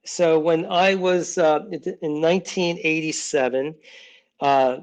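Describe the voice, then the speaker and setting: A slightly high, steady voice belongs to a man in his sixties who writes children's books, talking a little slowly as an interview guest. He rambles casually, keeps restarting, and briefly voices his relatives, all on a low-quality recording.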